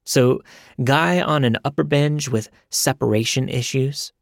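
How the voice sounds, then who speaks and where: Gravelly-voiced man reading stories. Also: medium pitch, a little slow, no room sound, clean studio sound. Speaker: podcast narrator. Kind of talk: scripted narration of listener stories.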